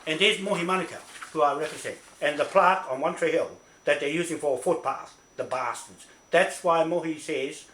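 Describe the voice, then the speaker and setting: Talking a little fast with hardly a pause, a man from New Zealand with a slightly high, somewhat bright voice films himself complaining. He's angry and profane, repeating his points and constantly asking "right?", recorded in an echoey space with faint noise.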